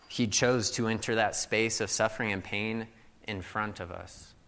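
A man's voice: fairly low pitch, steady tone, normal speed, fairly bright tone, long reverb tail. A young adult man from Missouri giving a sermon in a loose, conversational storytelling way, full of "like" fillers. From Missouri, USA. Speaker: pastor.

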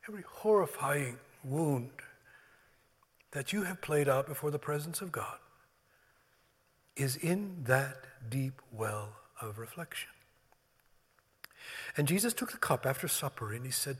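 A man preaching and leading communion, swinging from loud emphasis to hushed, near-whispered words. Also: medium pitch, animated, unhurried, pauses often, breathy edge, soft background music. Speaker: pastor. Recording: long hall reverb.

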